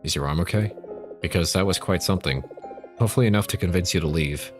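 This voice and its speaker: A man's voice: deep voice, fast talker, over music, close to an everyday voice. A man reading a secretive, warning figure. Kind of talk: reading game dialogue on stream.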